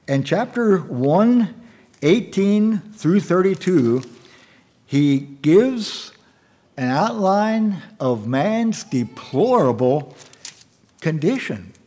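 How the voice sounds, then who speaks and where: A man preaching an evening sermon and reading scripture aloud, in a halting way with fillers and repeated words. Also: medium pitch, a little mellow.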